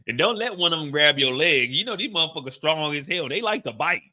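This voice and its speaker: A man's voice: on the high side, animated, fast, hardly any pauses, background noise. A man hosting a casual live reaction stream, talking in loose, profane, slangy banter and laughing often.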